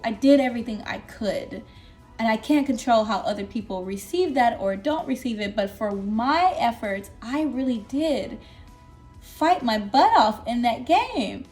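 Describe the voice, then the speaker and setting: Young woman, high-pitched, animated storytime vlog, exclamatory, soft background music. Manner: animated, exclamatory, with laughs and squeals. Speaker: vlogger telling a story. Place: at her desk indoors.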